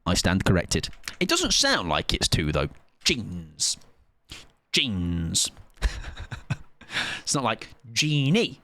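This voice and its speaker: Playful streamer with a lively voice. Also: male voice, fairly low pitch, slow, long pauses, dry recording. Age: late 20s. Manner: playful, argumentative, repeats words to test them. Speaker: game streamer. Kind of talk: casual live-stream chat.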